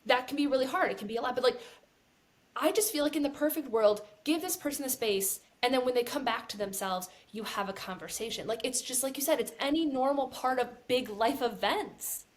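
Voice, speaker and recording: A woman's voice: high-pitched, fairly quick. A woman co-hosting a casual podcast conversation, earnest and talking in restarts with lots of "like". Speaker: podcast co-host.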